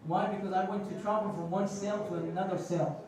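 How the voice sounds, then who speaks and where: High-voiced preacher in an echoey hall. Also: male voice, fairly even intonation, fairly quick, far from the mic, crowd noise. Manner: passionate, storytelling, mixes Arabic phrases. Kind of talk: Friday sermon. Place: large mosque prayer hall.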